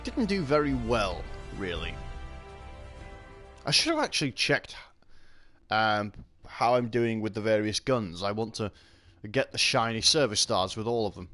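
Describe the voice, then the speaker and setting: A man's voice: lowish voice, very animated, a little slow, long pauses, a bit bright, faint music behind. A British man ranting sarcastically and swearing while giving casual gaming commentary, a little tipsy. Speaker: gaming channel host.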